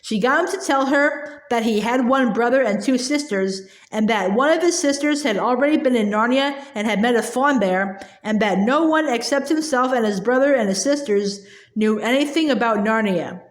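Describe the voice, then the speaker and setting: High-voiced woman reading a storybook. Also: moderate pace. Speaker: narrator. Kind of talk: storybook read-aloud. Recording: echoey room.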